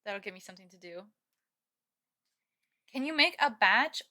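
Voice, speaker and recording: A chatty young woman streaming live from her kitchen, giggling often as she talks to her viewers. Her voice is bright and a little high, picked up by a webcam mic. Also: lively intonation, moderate pace, long pauses. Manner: giggly, chatty, reads chat aloud. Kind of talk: casual live-stream chat.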